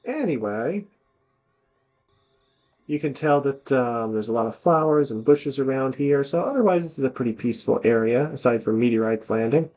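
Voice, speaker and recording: A man's voice: mid-range voice, expressive, normal speed, a little mellow. A man hosting a let's play, chatting casually over the game and reading its on-screen text aloud. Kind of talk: casual gameplay commentary.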